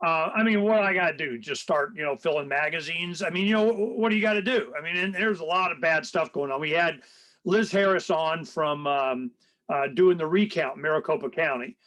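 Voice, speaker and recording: Talk radio host: older man, high voice, rambling and animated. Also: fairly quick, low-quality recording. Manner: rambling, animated, acts out quoted people in a raised voice. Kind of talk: casual political chat.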